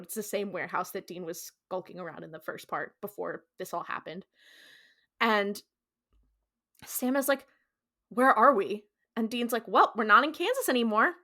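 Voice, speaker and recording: Bright-voiced woman recapping a TV episode. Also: mid-range voice. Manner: animated storyteller, slips into quoted character voices; frequent "like" fillers, casual swearing. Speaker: podcast co-host. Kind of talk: casual podcast episode recap.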